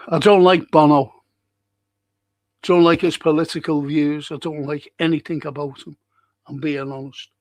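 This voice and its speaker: Reading out chat comments on his live stream, this man spins rambling stories and often restarts them in easygoing, chatty fashion. His voice is slightly high and flatly delivered, at a moderate pace with frequent pauses.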